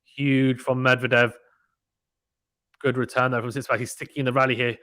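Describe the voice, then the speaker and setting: A man doing casual live play-by-play tennis commentary, reading out chat messages in an excitable, slangy way. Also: mid-range voice, brisk, no echo. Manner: chatty, excitable, uses British slang.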